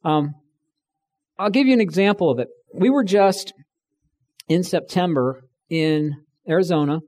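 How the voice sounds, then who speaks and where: His voice is high-pitched, expressive, and darkish, and he speaks a little slowly. The middle-aged man gives a chatty talk to a room, telling stories, acting out quoted voices, and admitting he's tired.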